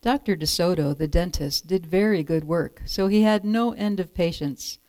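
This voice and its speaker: A woman calmly reading a children's picture book aloud as storyteller. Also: lowish voice, moderate pace, no room sound.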